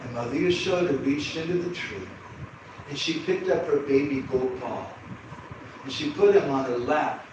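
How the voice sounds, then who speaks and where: A man telling a devotional story in an animated way, with humorous asides to his audience. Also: mid-range voice, moderate pace, lo-fi sound. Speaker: storyteller speaker. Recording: echoey hall from far off, background hum.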